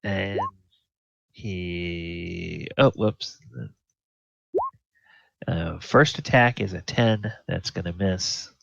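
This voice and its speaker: A man narrating a tabletop game as game master, halting and full of ums. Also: sits low, vocal fry, no room sound. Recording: slightly dull, dry audio.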